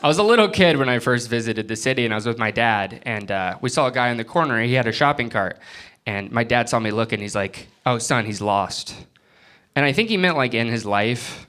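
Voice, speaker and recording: Animated male stand-up comic. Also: quick pace, clean tone. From Florida. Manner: animated, jumps into high-pitched bits when acting out people. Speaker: stand-up comedian. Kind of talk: stand-up comedy set. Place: comedy club stage before a live audience. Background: audience laughter.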